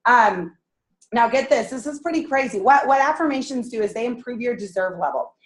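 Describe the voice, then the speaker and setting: Animated woman leading a motivational meeting. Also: fairly high pitch. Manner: animated, laughing, acts out self-talk. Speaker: sales team leader.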